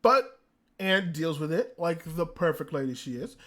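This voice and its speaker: A high, lively man ranting. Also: moderate pace. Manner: excitable, profane ranting. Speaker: anime reviewer. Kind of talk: casual commentary. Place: indoors, a room.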